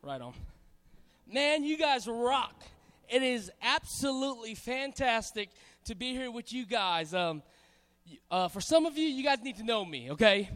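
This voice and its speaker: High-voiced Hawaiian man hyping a crowd. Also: big pitch swings, unhurried. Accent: Hawaiian Pidgin mixed with Southern US. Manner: loud, playful, hyping up the crowd. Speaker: guest speaker at church youth service. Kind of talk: energetic talk with audience call-and-response. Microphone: stage microphone on a cable. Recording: long reverb from a large hall.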